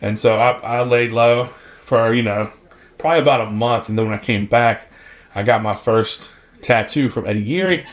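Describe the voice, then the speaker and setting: A man's voice: mid-range voice, moderate pace. A man, a tattoo artist telling a story from his youth in a blunt, profane, laid-back way. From Virginia, US. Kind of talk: casual storytelling.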